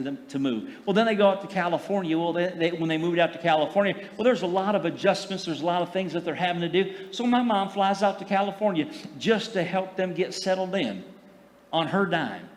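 A middle-aged man preaches a sermon, talking to his congregation in a folksy, conversational way with plenty of fillers and repeated words. His voice sits slightly high for a man. The sound carries the long echo of a church hall. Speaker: pastor.

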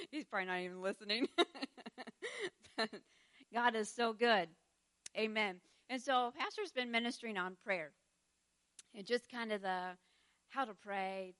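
Bright-voiced woman teaching in church. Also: medium pitch. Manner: laughs often, conversational and heartfelt.

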